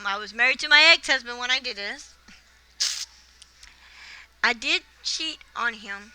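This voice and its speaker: Blunt, bright-voiced woman ranting. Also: fairly high pitch, a little slow, pauses often, clean tone, soft background music, rough recording. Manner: blunt, indignant storytelling. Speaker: vlogger. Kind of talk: casual rant to camera.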